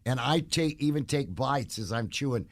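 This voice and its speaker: A man's voice: mid-range voice, lively intonation, moderate pace, no room sound. A man as a studio podcast guest, rambling through anecdotes with laughs. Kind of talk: casual storytelling chat.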